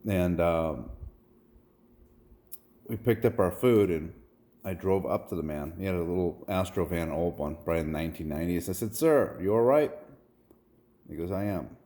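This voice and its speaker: Low, dark-toned man in his forties, earnest and rambling, preaches when quoting scripture. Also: moderate pace. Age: 40s. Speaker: vlogger. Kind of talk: personal storytelling monologue.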